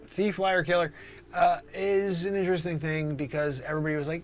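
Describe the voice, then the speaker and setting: He answers viewer chat during an improvised comedy stream, talking fairly quickly and animatedly as he jumps to high-pitched voices and sinks into whispers. A faint hiss or hum runs underneath.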